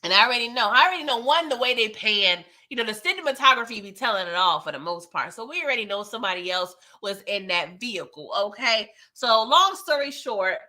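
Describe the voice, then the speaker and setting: A woman recapping a TV episode in a loose, chatty way, full of slang and asides to her viewers. Her voice sits a little high and has a bright, forceful edge. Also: lively intonation, brisk, hardly any pauses. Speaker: TV recap host.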